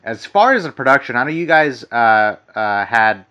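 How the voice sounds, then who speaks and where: A male podcast host with a bright, forceful voice asks long, enthusiastic questions, piling on praise before he reaches the point. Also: medium pitch, sing-song, normal speed, clear, resonant tone, muffled recording. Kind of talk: interview questions.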